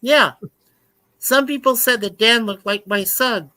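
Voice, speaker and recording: Middle-aged male host, bright tone, jokey and easygoing in a group call. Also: extremely high pitch, measured pace, dry recording. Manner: joking, laughs often. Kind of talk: casual group video chat.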